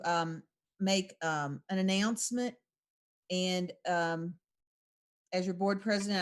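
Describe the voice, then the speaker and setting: A woman chairing a school board meeting as its president, talking haltingly with many fillers. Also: lowish voice.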